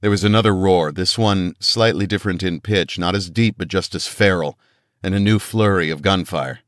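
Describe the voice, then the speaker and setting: A deep-voiced audiobook narrator reads tense action in first-person scripted narration at a moderate pace. The studio sound is clean, with no room sound.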